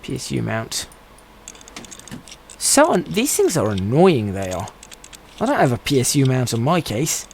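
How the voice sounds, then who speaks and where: A man's voice: medium pitch, huge pitch swings, a little slow, creaky, long pauses, a little hiss or hum, low-quality recording. A man streaming a game, giving casual commentary and musing aloud to himself as he plays. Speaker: gaming streamer.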